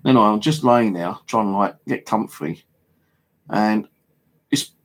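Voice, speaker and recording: Low gravelly English bloke, casual storytelling vlogger, loose and rambling, lots of fillers and swearing. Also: male voice, slow. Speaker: paranormal vlogger. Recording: home video monologue.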